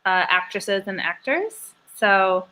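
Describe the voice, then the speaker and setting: Bright-voiced chatty woman, fillers galore. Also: mid-range voice, animated, takes it slowly. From Pennsylvania, USA. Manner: rambling, fills almost every phrase with "like". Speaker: podcast guest, former showgirl dancer. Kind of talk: casual chat.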